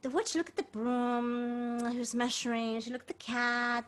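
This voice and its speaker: A woman performing a children's story with lively, sing-song repetitions and dramatic gasps. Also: on the high side, normal speed, hardly any pauses.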